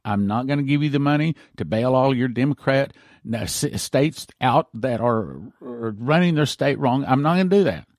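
A male pastor preaching a broadcast sermon, emphatic and repetitive, slowing down to read passages aloud. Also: medium pitch, animated, darkish tone, dry recording, clean studio sound.

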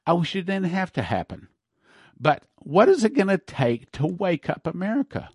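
A man's voice: sits high, sing-song, normal speed, breathy edge, dry recording, studio quality. A man hosting a prophecy broadcast, preaching fervently and hammering his points with repeated words. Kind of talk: preaching talk with ad reads.

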